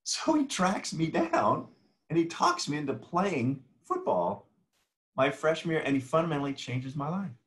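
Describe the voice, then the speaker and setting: A man in his sixties, a guest in a casual interview, telling animated stories and acting out the dialogue. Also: a little high, normal speed. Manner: animated anecdotal storyteller who acts out quoted dialogue.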